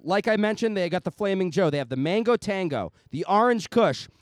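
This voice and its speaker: A man's voice: high-pitched, lively intonation, brisk, no echo, studio quality. A man hosting a podcast, reading a sponsor ad in a hyped, joking, profane way. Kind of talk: loud casual ad read.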